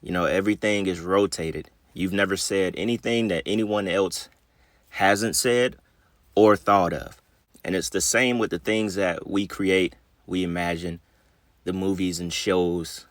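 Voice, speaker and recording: A man's voice: deep voice, steady tone, a little slow, no echo. A man hosting his channel, reading an article aloud and then commenting, his speech a little slurred after a dentist visit. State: just back from the dentist. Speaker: channel host.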